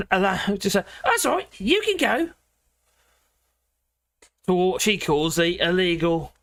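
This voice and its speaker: Man, livestream host, high bouncy voice, chatty and opinionated, dry close sound. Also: a bit bright, no echo. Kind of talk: casual livestream chat reading viewer comments.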